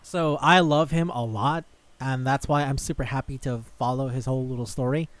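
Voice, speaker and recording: A podcast co-host with a mid-range voice and steady tone talks at a moderate pace. He rambles casually, swearing and laughing easily.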